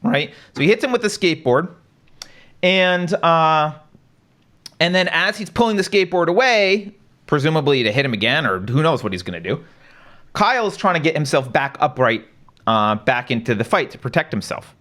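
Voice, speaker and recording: Animated man narrating with rhetorical questions. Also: fairly high pitch, moderate pace. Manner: walks through events with rhetorical questions; casual, conversational, says "right?" often. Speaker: show host. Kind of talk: live-stream commentary.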